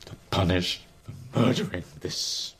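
Taunting old New York gang boss: very deep, raspy, nasal. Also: male voice, lively intonation, measured pace, a bit bright, heavily acted.

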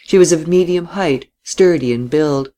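Man narrating a novel, measured. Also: on the high side, mellow.

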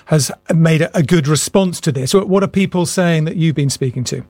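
A man presenting broadcast news, measured and formal as he introduces guests and asks questions. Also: a little high, a little mellow, no room sound.

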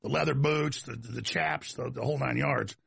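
Gravelly Texan man rambling. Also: mid-range voice, steady tone, moderate pace, fairly bright tone, no room sound. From Texas. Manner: digressive storyteller, folksy asides. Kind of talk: casual rambling monologue.

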